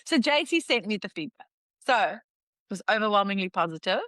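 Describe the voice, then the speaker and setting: South African woman, animated pitch, rapid talk, dry close mic. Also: no room sound. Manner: talks very fast, animated storytelling. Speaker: podcast co-host. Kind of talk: casual chat.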